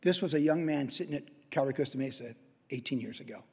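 A man's voice: mid-range voice, fast talker, a little mellow, slightly rough. A male pastor preaching a sermon with impassioned storytelling. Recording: long hall reverb.

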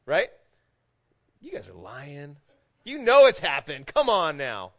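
A man's voice: fairly high pitch, wildly swooping pitch, takes it slowly, highs cut off. A man preaching a sermon to his congregation in a casual, conversational way, often asking "right?". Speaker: pastor. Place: church sanctuary with congregation.

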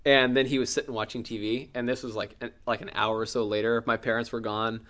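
A middle-aged man preaching a sermon, telling a personal story with acted-out cries and shouts. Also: medium pitch, level tone, quick pace.

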